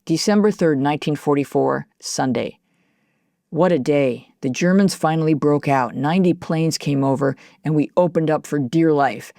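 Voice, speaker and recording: Young soldier's diary voice, gravelly, close and dry, voiced by a woman. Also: on the high side, normal speed, a little mellow, no echo. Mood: matter-of-fact. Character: young male soldier writing a war diary.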